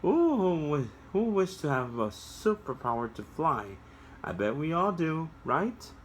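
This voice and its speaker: A young man reading a picture book aloud to children, breaking off to talk to them directly in a sing-song, animated way. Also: on the high side, a little slow, a little hiss or hum. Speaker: children's story reader.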